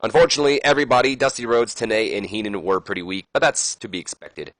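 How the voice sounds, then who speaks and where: A man's voice: fairly low pitch, fairly even intonation, fast, dry recording, rough recording. A man giving casual, rambling commentary over a wrestling management game, reading promo lines aloud with plenty of fillers and self-corrections. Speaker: let's play commentator.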